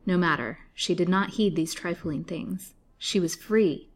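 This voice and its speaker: A woman storyteller reading an old serialized novel aloud in a measured, dramatic way. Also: on the low side. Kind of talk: scripted narration of a serialized novel.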